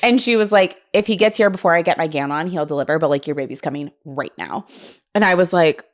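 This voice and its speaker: A young woman hosts a podcast and tells a story in a loose, chatty way. Her voice sits a little low, and she acts out the other people's voices. She laughs often as she talks. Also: fast. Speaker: podcast host. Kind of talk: casual storytelling chat.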